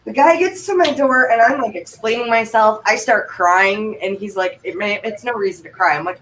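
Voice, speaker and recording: A woman from Vermont, a livestream guest, telling rambling stories in a chatty, animated way. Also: medium pitch, normal speed, few pauses. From Vermont, United States. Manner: chatty, rambling, breathless anecdotes with quoted asides. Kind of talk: casual chat, animated storytelling. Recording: distant mic, faint background noise.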